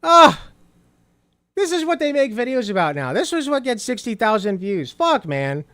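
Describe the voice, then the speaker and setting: A man's voice: extremely high pitch, sing-song, fairly quick, no room sound. A man hosting a reaction commentary, sarcastic and profane, with a mocking edge. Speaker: host.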